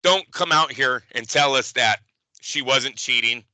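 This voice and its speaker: A man's voice: medium pitch, unhurried, bright, forceful tone, dry recording, low-quality recording. A man co-hosting a boxing podcast, ranting in heated, profane casual chat. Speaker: boxing show co-host.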